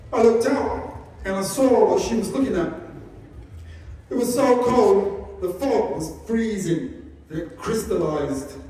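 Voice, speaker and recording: Man, high voice, wry self-deprecating humour, public talk, echoey hall, far from the mic. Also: mellow. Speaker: sanctuary founder giving a talk. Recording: echoey hall, distant mic, faint noise.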